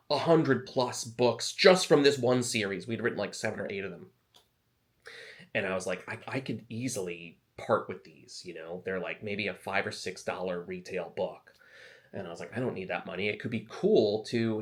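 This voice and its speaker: A man talking casually to camera as an author giving advice, chatty and self-deprecating, wandering into asides. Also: mid-range voice. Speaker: author and video host.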